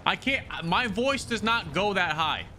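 A livestreamer plays a shooter game and loosely chats with his viewers, giving casual commentary and calling them "dude" and "brother." His male voice sits high, with lively intonation and an unhurried, pushed, bright delivery. He's on a streaming mic run through an audio mixer, with slight background noise.

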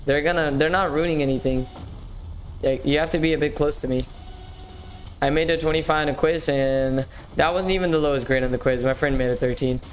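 Chatty young man streaming, slightly high voice. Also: steady tone, brisk, slight background noise. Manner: chatty, upbeat, slangy, often repeats himself. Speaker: livestream gaming host. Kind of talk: casual live-stream chat reading viewer messages.

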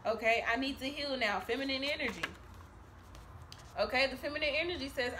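A woman's voice: sits high, fairly quick, pauses often, noisy background. A woman giving a casual tarot reading to camera, chatty and profane, laughing often and tagging her lines with "okay?". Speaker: tarot reader. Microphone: camera mic.

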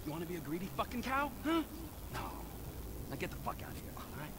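An unstable, foul-mouthed criminal in a video game, leaping between high and low with a wildly swinging pitch and cutting in with sudden profane bursts. Game noise sits underneath. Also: male voice, sing-song, quick pace. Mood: manic. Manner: abrupt, profane, manic swings. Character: volatile, crude middle-aged male criminal.

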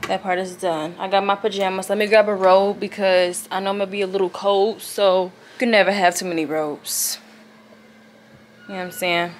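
A woman's voice: mid-range voice, level tone, normal speed, slight background noise. A woman vlogging at home at night, chatting casually to her viewers as she gets ready, recorded on a camera on a tripod. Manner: chatty, addresses viewers as y'all.

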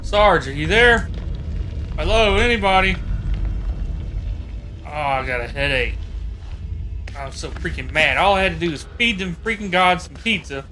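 A man's voice: high-pitched, lively intonation, a little slow, long pauses, faint music behind, exaggerated voice. A man voicing a bumbling, easily scared soldier who whines and panics, in a fan dub of game footage. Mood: grumbling. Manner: whiny and jittery, panics loudly. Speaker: soldier who gets lost underground.

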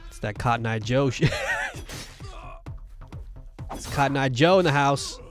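A man's voice: medium pitch, measured pace, music in the background. Male game host, casual commentary, jokey and exclamatory.

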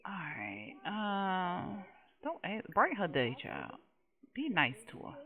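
A woman's voice: on the low side, huge pitch swings, slow, phone-quality sound. A young woman, chatting casually and laughing as she plays a life-simulation game and talks to its characters. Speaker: game streamer. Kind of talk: casual Let's Play commentary.

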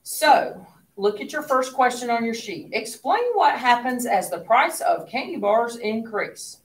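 A woman's voice: on the high side, lively intonation, a little slow, distant mic. A woman teaching an economics lesson to a class, asking questions and dropping into near whispers for asides. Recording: roomy classroom, voice away from mic.

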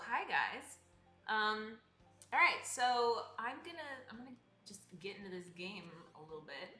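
A woman's voice: a little high, bright, forceful tone, reverberant. A young woman live-streaming a game, chatting casually and greeting viewers by name in a bubbly way. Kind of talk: casual live-stream chat while playing. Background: game music.

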